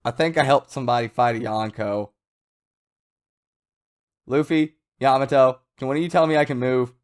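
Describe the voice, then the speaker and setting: A man's voice: medium pitch, moderate pace, lightly acted. A man voicing a panicky young boy turned dragon who rambles frantically and nervously. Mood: dazed.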